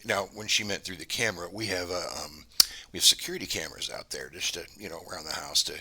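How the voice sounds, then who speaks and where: Husky low-voiced man telling a story. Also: quick pace, bright, forceful tone. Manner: meandering, conversational, many restarts. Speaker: channel host. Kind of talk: casual storytelling to camera.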